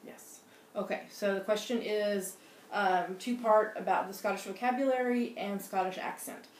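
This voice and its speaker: A woman's voice: mid-range voice, fairly even intonation, normal speed. A middle-aged woman co-hosting a casual knitting podcast with her daughter, chatting in a rambling way with many fillers and restarts. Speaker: podcast co-host, mother. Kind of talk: casual chat. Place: home in Scotland. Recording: roomy echo, faint noise.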